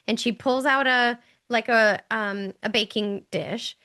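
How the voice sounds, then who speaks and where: Bright-voiced chatty woman, podcast host. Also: on the high side, steady tone, unhurried. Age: middle-aged. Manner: chatty storyteller, acts out quoted voices. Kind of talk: casual conversational podcast.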